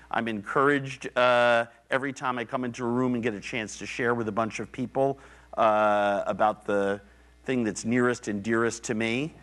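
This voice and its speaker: A man's voice: medium pitch, fairly bright tone. Middle-aged male lecturer, conversational storyteller, blunt and casual. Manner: conversational storytelling, acts out quoted voices. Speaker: public lecturer. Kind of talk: public lecture. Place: university theater.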